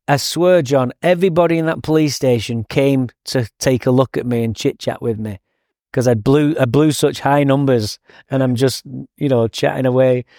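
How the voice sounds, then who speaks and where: A man's voice: mid-range voice, mellow, no room sound. Blunt Englishman with a dry sound. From England. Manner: blunt, candid, laughs at his own story. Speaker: guest. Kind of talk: storytelling interview.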